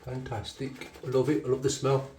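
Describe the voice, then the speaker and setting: A man's voice: mid-range voice, level tone, brisk, a little mellow, distant mic, a little hiss or hum. Man, Black Country accent, casual rambling shave talk, chatty and self-correcting, echoey bathroom. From Black Country, England. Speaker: shaving channel host. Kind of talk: casual rambling shaving commentary.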